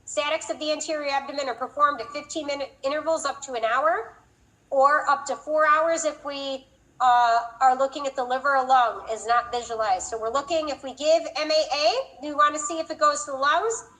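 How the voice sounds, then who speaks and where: A woman's voice: sits high, fairly even intonation, a little fast, fairly bright tone, low-quality recording. A woman teaching a class, explaining procedures and teasing her students in a playful way. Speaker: instructor. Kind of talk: classroom lecture.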